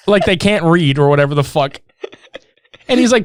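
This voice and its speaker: A man co-hosts a movie podcast, telling scenes with a lively voice that swings up and down and sits a bit high. The sound is dry and close. He swears freely and slips into the characters' lines as he goes. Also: slow, long pauses, dry recording. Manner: animated storytelling, heavy swearing, acts out quotes. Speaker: podcast co-host. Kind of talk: casual chat, movie recap.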